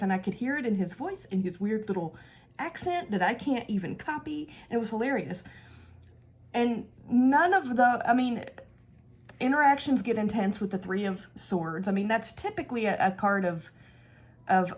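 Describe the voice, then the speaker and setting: A woman's voice: mid-range voice, darkish tone. A woman hosting her own tarot channel, chatting casually and laughing as she talks through a card reading.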